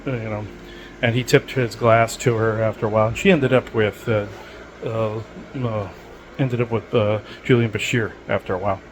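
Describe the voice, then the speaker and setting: A man's voice: fairly low pitch, steady tone, moderate pace, slight background noise, low-quality recording. A man hosting a podcast, talking in a loose, digressive monologue with many filler words and restarts. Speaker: podcast host. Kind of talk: rambling casual monologue.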